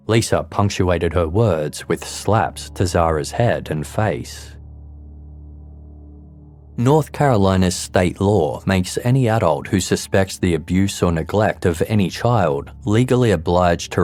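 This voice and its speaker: A man narrating a true crime podcast in a measured, somber, scripted way. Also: low-pitched, darkish tone.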